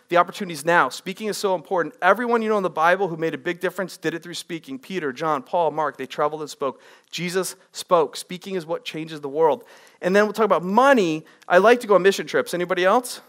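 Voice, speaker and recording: A middle-aged man giving an energetic live workshop on speaking to a room of people, often putting questions to the audience. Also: high-pitched, quick pace.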